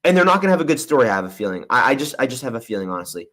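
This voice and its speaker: A man's voice: medium pitch, sing-song, very fast, a bit bright. A young man hosting a movie livestream Q&A, answering viewer questions in a candid, rambling way. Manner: rambling and candid, often says honestly and "I'm gonna be real".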